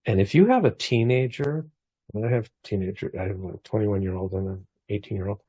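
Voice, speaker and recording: Man, 40s, low husky voice, reflective chat guest, muffled lo-fi audio. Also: a little fast, dry recording. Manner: reflective, warm storytelling with frequent restarts. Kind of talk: casual conversation.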